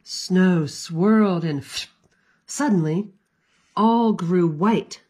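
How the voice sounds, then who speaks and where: A woman librarian giving an expressive, sing-song storytime read-aloud for children. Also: lowish voice, very slow, slightly rough.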